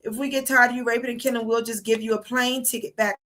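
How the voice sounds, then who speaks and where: Woman streamer ranting and cussing, high bright voice. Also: little pitch movement, fast talker. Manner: profane, heated ranting. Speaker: political livestream host. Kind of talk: casual live-stream commentary. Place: abroad while traveling.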